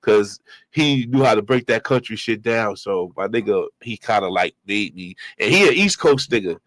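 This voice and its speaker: A man hosting his own show, giving loose, slangy street commentary and shout-outs. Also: fairly low pitch, lively intonation, normal speed, dry recording. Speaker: show host reacting to clips. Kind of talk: casual commentary.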